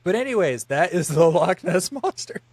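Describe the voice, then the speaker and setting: A man's voice: high-pitched, sing-song, moderate pace, darkish tone, no room sound. A man co-hosting a podcast in casual chat, rambling through explanations with lots of filler words. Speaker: podcast co-host.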